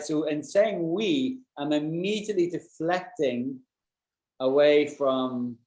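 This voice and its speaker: British male English tutor, slightly high voice, chatty explainer on an echoey video call. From Britain. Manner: chatty, explains with examples and checks understanding. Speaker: English teacher. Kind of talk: online English lesson with students.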